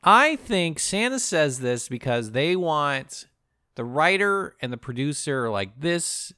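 A man co-hosting a podcast, recapping a movie in a joking, animated way. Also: fairly high pitch, slow pace, smooth, no room sound, clean studio sound. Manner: animated storytelling, jokey asides. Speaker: podcast co-host. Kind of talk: casual comedic movie recap.

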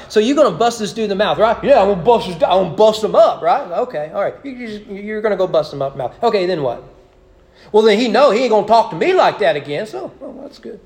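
A man's voice: on the high side, a little mellow. A man preaching a conversational evening sermon in a church, full of asides and rhetorical questions. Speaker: pastor. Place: church sanctuary.

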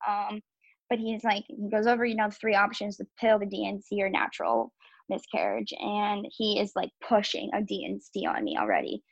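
A woman's voice: mid-range voice, moderate pace, creaky, dry recording. A young woman telling her own story as a podcast guest, candid and casual, with many "um"s and "like"s. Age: young adult. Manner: candid, filler-heavy with frequent "um" and "like". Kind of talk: personal storytelling. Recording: dull, slightly lo-fi audio.

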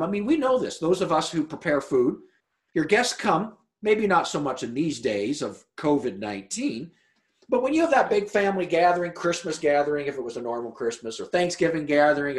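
A man preaching a sermon as pastor, explaining a scripture passage in an expressive, conversational way. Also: a little high. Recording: roomy echo.

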